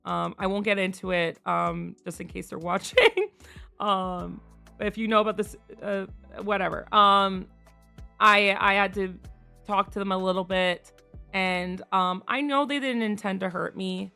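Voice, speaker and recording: Woman, live streamer, bright tone, gravelly edges, casual chat, frank, swears freely, faint music behind. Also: medium pitch, fairly even intonation, a little slow.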